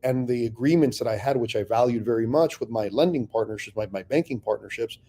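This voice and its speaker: A man with a dark, mellow voice tells his business stories with blunt, profane candor. He talks in a loose, conversational way, breaking into the voices of people he once argued with. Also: mid-range voice, fast. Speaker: real estate investor guest. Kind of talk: candid conversational storytelling.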